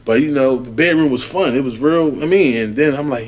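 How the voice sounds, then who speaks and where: A man, co-hosting a podcast and telling a long, profane story in casual chat, animated and acting out other people's voices. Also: medium pitch, a little fast, few pauses, crowd noise. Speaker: podcast co-host.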